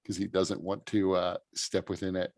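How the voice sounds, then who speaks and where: A man narrating and ruling as game master at a tabletop game, calm and matter-of-fact. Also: low-pitched, normal speed, no echo, clean studio sound.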